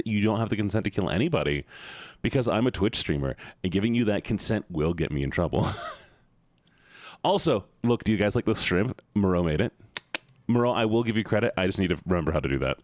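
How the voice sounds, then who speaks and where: A man's voice: fairly low pitch, expressive, fast, dry recording, studio quality. A man streaming live and chatting casually with his viewers, rambling and joking at his own expense. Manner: rambling, self-mocking, chatty.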